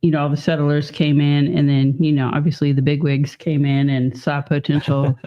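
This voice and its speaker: A man's voice: a little high, flat delivery, normal speed, warm tone. A man co-hosting a casual talk stream, rambling and chatty, laughing often as he talks. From Northern California. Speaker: podcast co-host. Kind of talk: casual chat. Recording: dull lo-fi stream audio.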